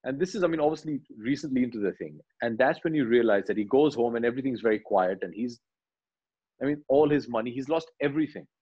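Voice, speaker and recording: A man, animatedly retelling film scenes in an interview and quietly acting out the lines. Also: medium pitch, quick pace, breathy edge, muffled recording. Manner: animated storyteller, acts out dialogue lines quietly. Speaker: actor, interview guest.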